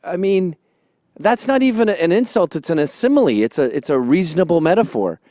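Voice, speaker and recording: A man's voice: high-pitched, big pitch swings, fairly quick, mellow, dry recording, clean studio sound. A man hosting a comedic rant commentary in a sarcastic, mocking manner. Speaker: host.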